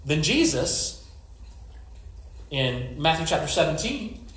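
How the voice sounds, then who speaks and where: A man preaches in a relaxed, conversational way, turning scripture into stories with wisecracks and asides. His voice sits slightly high and swings widely in pitch. The sound carries a roomy echo. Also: slow. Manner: joking, storytelling asides. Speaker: pastor. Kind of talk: conversational sermon.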